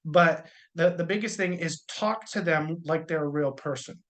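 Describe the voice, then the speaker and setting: Man coaching with a higher voice. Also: moderate pace, a bit bright. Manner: jokey, conversational, uses corny humor. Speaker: insurance sales trainer. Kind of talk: casual training talk.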